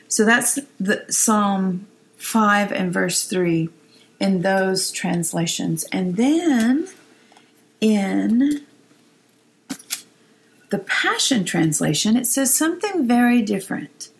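A woman giving a devotional Bible teaching, reading psalm verses in a soft, reflective way and sometimes dropping to a whisper. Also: mid-range voice, slow, gravelly, poor audio. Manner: soft, reflective, drops to a whisper on key phrases.

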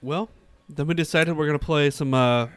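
A man co-hosting a podcast, easygoing with quick quips in casual chat. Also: a little high, a bit bright, clean tone, no room sound. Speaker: podcast co-host.

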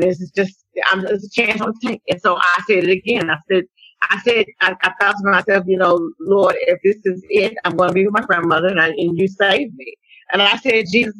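A woman from Dallas, Texas, giving personal testimony as a podcast guest, speaking earnestly in a halting way with repeated phrases. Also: fairly low pitch, a bit bright, breathy edge, no echo, low-quality recording. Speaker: podcast guest, survivor advocate.

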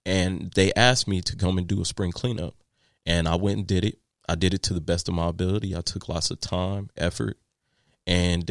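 A man's voice: deep voice, no echo, studio quality. A man, a landscaping business owner, telling candid stories in an interview with lots of fillers and restarts. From Texas. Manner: candid, animated storyteller with many fillers and restarts. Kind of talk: interview storytelling.

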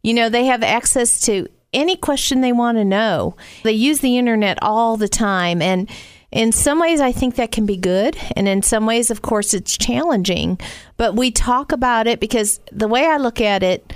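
Smooth-voiced middle-aged woman, chatty. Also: a little high, lively intonation, moderate pace, no room sound. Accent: mild Southern US. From Northwest Indiana. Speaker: guest. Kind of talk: casual conversation.

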